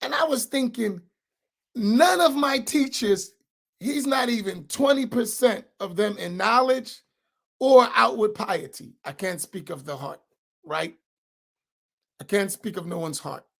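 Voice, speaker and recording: Gravelly imam, conversational. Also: male voice, high voice, measured pace. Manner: conversational, keeps asking listeners "right?"; emphatic, repeats key phrases. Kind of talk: informal religious class talk.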